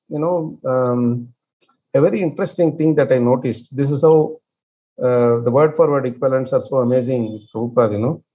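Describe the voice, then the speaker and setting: A man leading an online scripture class. He explains with many fillers and restarts and chants verses very slowly. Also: mid-range voice, lo-fi sound. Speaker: scripture study teacher.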